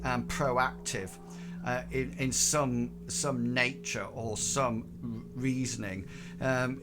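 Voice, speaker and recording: A man narrating a tabletop game as game master, halting and full of ums. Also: medium pitch, a bit bright, a little hiss or hum. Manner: hesitant, many ums and restarts.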